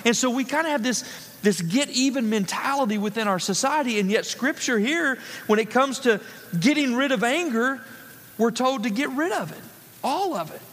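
A man's voice: very high-pitched, animated, normal speed, a bit bright, in a large hall. A male pastor preaching a sermon, emphatic and repeating key phrases for stress. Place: church sanctuary.

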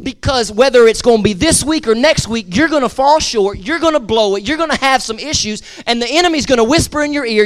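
Man, pastor, sermon, high voice, emphatic, repeats for emphasis, call-and-response. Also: lively intonation, a little fast, few pauses. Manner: repeats words for emphasis, conversational asides.

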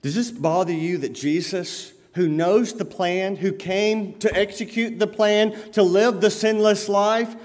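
A man preaching a sermon as pastor, swinging between loud emphatic lines and quiet lowered ones. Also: steady tone, measured pace, hardly any pauses, in a large hall.

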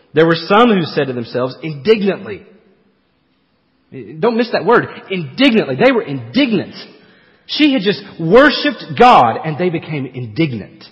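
A man preaching a sermon as pastor, swinging from emphatic, forceful peaks to quiet, low asides. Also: long reverb tail, lo-fi sound.

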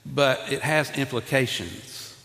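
A man preaching a sermon, talking directly to his congregation and acting out Bible figures in an animated way. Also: medium pitch, takes it slowly. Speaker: pastor. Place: church sanctuary. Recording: long reverb in a large hall.

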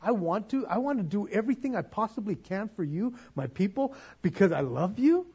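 A man's voice: high voice, big pitch swings, brisk, mellow, slightly rough, highs cut off. A man preaching a sermon as pastor, earnest and pleading, often stumbling over repeated words.

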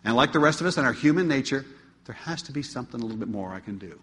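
A man preaching a sermon to his congregation, asking them questions and swinging between emphatic, pleading peaks and quiet asides. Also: medium pitch, lively intonation, rapid-fire. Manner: asks the congregation rhetorical questions. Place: church. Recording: long hall reverb.

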